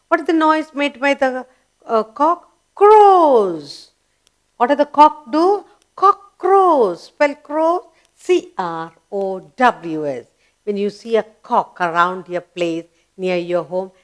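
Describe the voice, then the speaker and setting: A woman with an Indian English accent teaches small children in a slow, sing-song lesson voice. Her pitch sits a little high, and she spells words out letter by letter. She keeps asking the class questions and then answers them herself. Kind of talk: kids' lesson narration.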